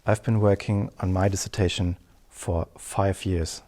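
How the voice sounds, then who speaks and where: A middle-aged man, teaching a public speaking lesson in an earnest, measured storytelling way. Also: deep voice, steady tone, a little mellow. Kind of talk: scripted lesson to camera.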